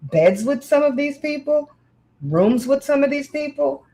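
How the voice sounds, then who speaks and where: A woman's voice: high-pitched, animated, measured pace, mellow, low-quality recording. Woman telling a candid story. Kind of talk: casual chat.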